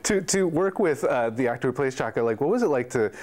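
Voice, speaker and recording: A man interviewing an actor, asking long, halting questions packed with fillers. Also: mid-range voice, expressive, a little mellow.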